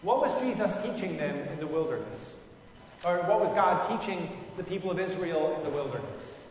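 A man's voice: high voice, lively intonation, normal speed, a little hiss or hum. A man leading a conversational Bible study, musing informally with frequent fillers and restarts. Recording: echoey hall from far off.

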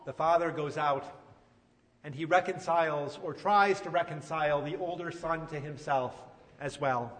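A man preaching a sermon and retelling a story with animated, emphatic delivery. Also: a little high, normal speed, in a large hall. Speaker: pastor.

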